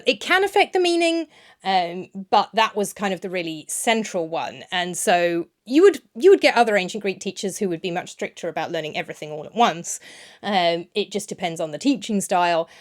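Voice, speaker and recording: A woman talking to camera on a lapel mic, explaining things in a chatty, digressive way and laughing at herself. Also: mid-range voice. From Ireland. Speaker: language vlogger. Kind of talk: casual explanatory talk to camera. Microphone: clip-on lapel mic.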